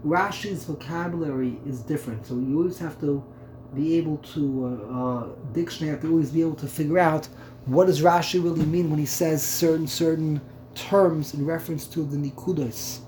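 A man's voice: fairly high pitch, brisk, darkish tone. Man puzzling aloud through a text lesson. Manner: thinking aloud, repeating words, stopping to puzzle over terms. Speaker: Torah teacher. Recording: echoey room, faint background hum.

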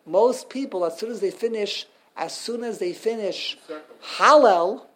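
A man's voice: high voice, unhurried, a bit bright. A man teaching an informal religious class, chatty and repetitive, quizzing his listeners. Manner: chatty, repeats himself, asks the class questions.

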